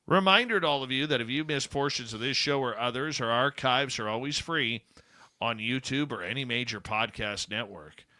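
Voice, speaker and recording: Male radio host, bright close dry sound, chatty and informal, upbeat promo reads. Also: mid-range voice, moderate pace, dry recording. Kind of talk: casual radio chat and show promos.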